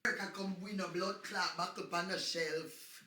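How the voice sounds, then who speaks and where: A Jamaican woman on a livestream, taunting and cursing loudly, often breaking into shouts. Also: lowish voice, steady tone, a little slow. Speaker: social media personality. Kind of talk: livestream rant.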